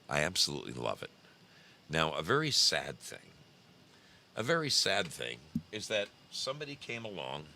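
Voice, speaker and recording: A man with a very low, gravelly voice hosts a casual show, talking slowly while his pitch swings widely. He rants with profanity and restarts his sentences as he goes. His tone is bright and forceful. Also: a little hiss or hum. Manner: heated, profane, rambling with restarts. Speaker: show host. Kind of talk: casual commentary on screen images.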